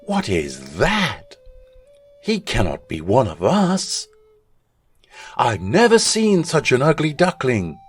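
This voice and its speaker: A man voicing a group of small, mean ducklings who jeer and yell in a storybook reading. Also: medium pitch, wildly swooping pitch, slow pace, long pauses, breathy edge, soft background music, voice pushed up, heavily acted. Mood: mocking. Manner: mocking, yelling.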